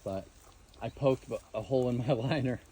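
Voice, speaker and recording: A man giving a farm tour, explaining in a relaxed, rambling way full of fillers, recorded outdoors among animals. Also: medium pitch, normal speed, slightly rough. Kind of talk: casual explanatory chat.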